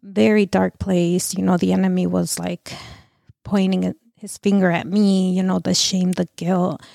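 A middle-aged woman telling her own painful story as an interview guest, halting and full of restarts and fillers. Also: lowish voice, flat delivery, creaky, mellow, no room sound, studio quality. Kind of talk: emotional personal testimony.

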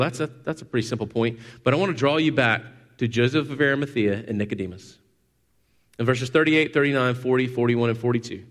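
A man preaching a sermon, animated, rising to loud emphatic peaks and dropping to quiet asides. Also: medium pitch. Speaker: pastor.

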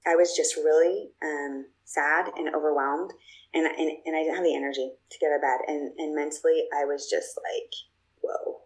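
A woman's voice: sits low, fairly even intonation, moderate pace, rough recording. A woman guest telling personal stories in a casual, chatty way, with plenty of fillers and restarts. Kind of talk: casual storytelling.

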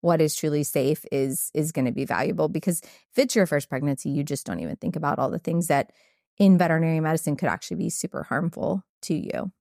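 A woman's voice: deep voice, expressive, fast talker, gravelly, a little mellow, dry recording, studio quality. A woman veterinarian telling candid stories in casual conversation, with many fillers. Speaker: podcast host, veterinarian.

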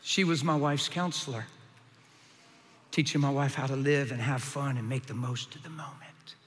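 A man preaching his testimony, moving between hushed and shouted lines with dramatic energy. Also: mid-range voice, steady tone, moderate pace, long reverb tail. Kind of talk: testimony sermon.

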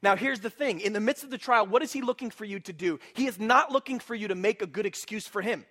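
A man preaching a sermon as pastor, animated and humorous, often putting questions to his congregation. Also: high voice, fast talker.

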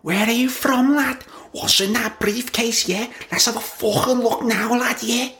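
Loud, brash seagull heckler, very high and squawky. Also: male voice, fairly even intonation, a little slow, exaggerated voice. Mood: menacing. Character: aggressive scouse male seagull mugging a passer-by.

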